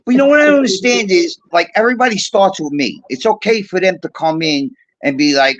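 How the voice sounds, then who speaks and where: A man's voice: high voice, sing-song, a little fast, a bit bright, no echo, low-quality recording. A man telling heated, profane stories in casual live-stream chat, a regular of the show. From Puerto Rico.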